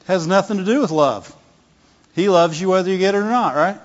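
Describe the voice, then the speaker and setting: A middle-aged man preaches a sermon in a loose, chatty way, often checking in with the congregation. His voice sits a little high for a man. The sound is dull and lo-fi, with a long reverb from a large church hall. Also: fairly quick. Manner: conversational, repeats words, asks the congregation "Amen?". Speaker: pastor.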